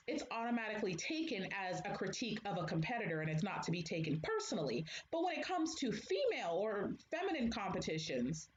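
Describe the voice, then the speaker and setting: Blunt young woman chatting in echoey room. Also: mid-range voice. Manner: blunt, candid, laughs often. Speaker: livestream host. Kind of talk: casual chat to viewers. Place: home, room with echo. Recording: echoey room, dull lo-fi sound, faint hiss.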